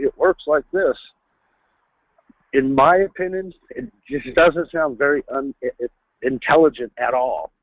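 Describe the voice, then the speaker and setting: A man's voice: medium pitch, dry recording. Man, sales trainer, emphatic coaching delivery, phone-quality webinar audio. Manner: instructive, coaching, emphatic on key words. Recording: tinny phone-line webinar audio, dry.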